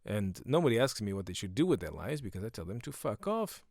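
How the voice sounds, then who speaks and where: A middle-aged man hosting a solo podcast, rambling sardonically and breaking into quick silly voices. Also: lowish voice, very animated, darkish tone, no echo, clean studio sound. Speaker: podcast host.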